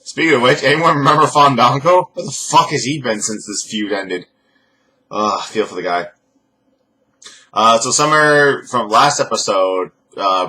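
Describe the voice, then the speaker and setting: A young man rambling sarcastically as he recaps a reality show, mocking people in high put-on voices. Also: pushed and bright. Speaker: reviewer. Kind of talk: casual recap commentary.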